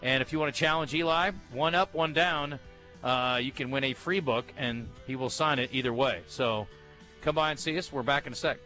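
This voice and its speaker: A man's voice: medium pitch, moderate pace, over music. A man hosting a live sports talk radio show from a bookstore, chatting in an easygoing, bantering way. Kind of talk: casual radio chat.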